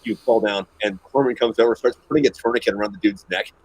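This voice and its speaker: A former Marine telling laid-back, profane service stories in a casual podcast chat. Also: male voice, on the low side, fast, a little mellow, husky, no room sound, low-quality recording.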